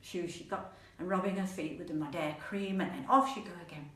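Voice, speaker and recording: Animated woman telling a folk tale. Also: on the low side, brisk, slight background noise. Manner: animated, playful, repeats words for rhythm. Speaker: storyteller. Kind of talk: oral storytelling. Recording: echoey room, mic at a distance.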